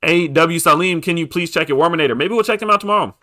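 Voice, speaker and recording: A young man streaming live about crypto, hyped and pushy as he begs viewers for likes and gives shout-outs. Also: on the high side, fast talker. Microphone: desk microphone.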